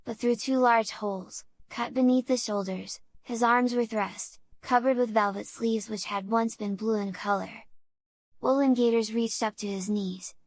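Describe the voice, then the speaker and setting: A woman reads a classic children's story aloud in a steady, measured voice at a mid pitch. The recording is close and dry, with no room echo. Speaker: audiobook reader. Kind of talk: storybook narration.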